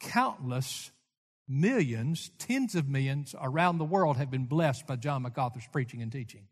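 An older man preaching a sermon as pastor, telling folksy stories and swinging from loud emphasis to hushed asides. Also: medium pitch, expressive, a little slow. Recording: echoey church hall.

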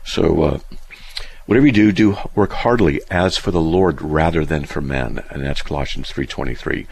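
A man with a deep voice and a slightly husky grain talks through a stream. He wanders through long personal anecdotes, pausing to hunt for scripture verses as he goes. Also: darkish tone. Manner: rambling storyteller, restarts, looks up verses aloud. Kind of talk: conversational teaching on a live stream.

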